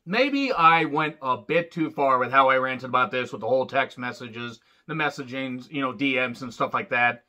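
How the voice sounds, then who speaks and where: A man's voice: mid-range voice, normal speed, few pauses, pushed and bright. A man giving a casual, profane, sarcastic rant reviewing a show, rambling loosely as he talks. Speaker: wrestling reviewer. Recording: dull lo-fi sound.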